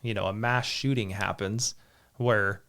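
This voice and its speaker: Rambling, laughing podcast host. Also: male voice, lowish voice, steady tone, unhurried, sharp tone. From Southern Utah. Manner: rambling storyteller, laughs often. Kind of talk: casual chat.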